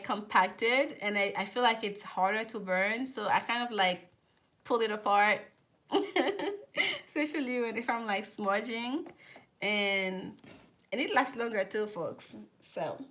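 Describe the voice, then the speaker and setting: A woman's voice: mid-range voice, a bit bright. A woman giving a live tarot reading, chatting with viewers and often repeating herself. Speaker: tarot reader.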